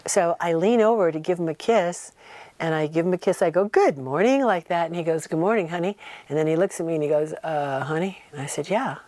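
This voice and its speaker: A woman telling a personal story in a casual interview, animated and acting out the voices of people she quotes. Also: lowish voice, fast talker, dry recording. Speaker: guest recounting memories.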